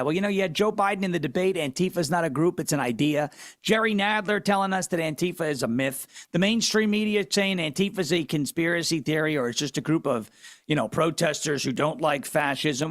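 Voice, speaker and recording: A male talk radio host speaks in a notably high voice, recorded close and dry in the studio. His monologue is opinionated and sarcastic, with mocking asides and hard, punchy emphasis on key words. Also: a little fast, fairly bright tone, no echo.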